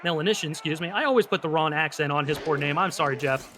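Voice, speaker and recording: A man with a high, bright voice calls a football game play by play. He gets excitable and jumps up on tipped passes. There is faint background hiss under him. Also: quick pace. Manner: excitable, rises sharply on big plays. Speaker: play-by-play announcer. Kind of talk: live esports football commentary.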